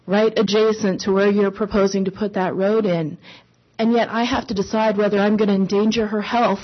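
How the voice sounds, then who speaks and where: A woman's voice: medium pitch, highs cut off. A woman giving emotional public testimony at a meeting, earnest and pleading, close to tears and apologizing as she speaks from the heart.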